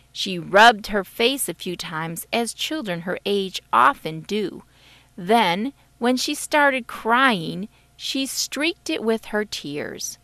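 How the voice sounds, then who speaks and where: A woman narrates a children's storybook in an unhurried, gentle way. Her pitch moves freely and expressively. The recording is dry and close. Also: vocal fry, no echo. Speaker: author reading her book. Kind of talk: audiobook narration.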